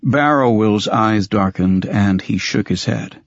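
A man narrating a first-person audiobook in a wry, measured way. The recording sounds dull and dry. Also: fairly low pitch, no echo.

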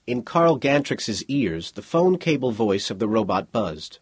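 A man with a low, slightly husky voice narrates a science fiction story in a measured, steady reading. The sound is dry and close, with no room around it. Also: no echo. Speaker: audiobook narrator.

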